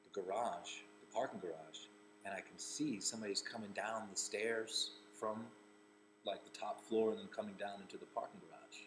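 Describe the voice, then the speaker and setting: A man's voice: lowish voice, slight background noise, rough recording. A man from Rhode Island who works as a comedian and actor, telling a personal story casually with many restarts.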